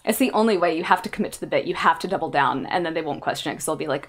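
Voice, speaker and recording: A woman's voice: low voice, expressive, racing, faint music behind. Sarcastic young woman streamer. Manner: sarcastic, rambling, laughs between jokes. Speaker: VTuber streamer. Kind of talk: casual stream chat.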